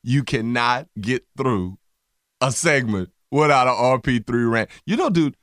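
Lively, teasing sports talk man. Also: mid-range voice, a little slow. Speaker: co-host. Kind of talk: casual sports talk chat.

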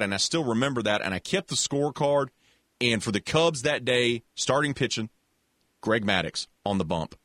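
A man telling a long childhood story in a relaxed, casual chat, full of restarts and little voices for other people. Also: medium pitch, no room sound, clean studio sound. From American South. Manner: animated storyteller with many restarts, acts out voices.

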